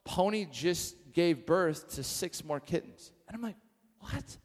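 A man's voice: on the high side, animated, measured pace, in a large hall. A man preaching a sermon, telling a funny story and acting out the dialogue, with a self-deprecating humor. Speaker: pastor.

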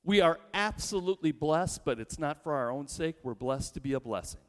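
A man's voice: a little high, animated, a little fast. A male pastor preaching a sermon in a church, emphatic and building long lists, with rhetorical questions to the congregation. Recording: long reverb in a large hall.

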